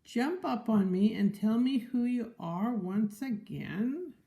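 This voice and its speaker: A woman voicing a talking wishing well in a storybook, asking calm, curious questions. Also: a little high, slow, creaky, echoey room, full character voice.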